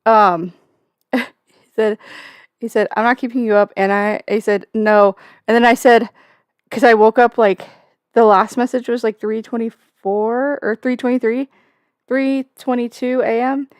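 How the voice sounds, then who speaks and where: A woman's voice: fairly high pitch, steady tone, a little slow, clean tone, no room sound, studio quality. Jokey, swearing young woman streamer. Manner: profane, jokey, rambling with many fillers. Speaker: livestream host. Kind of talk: casual livestream chat.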